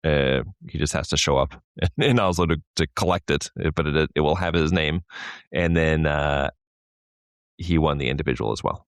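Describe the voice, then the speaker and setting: A man co-hosting a sports podcast in a casual, chatty way, laughing often and getting animated when telling a story. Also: rumbling low, moderate pace, no echo, studio quality. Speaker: podcast co-host. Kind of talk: casual chat.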